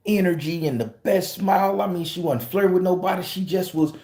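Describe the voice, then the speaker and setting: A man's voice: sits high, a little fast, a little mellow, reverberant. A man casually telling a story to his viewers, profane and emphatic, speaking straight to his audience. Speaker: tarot reader and channel host.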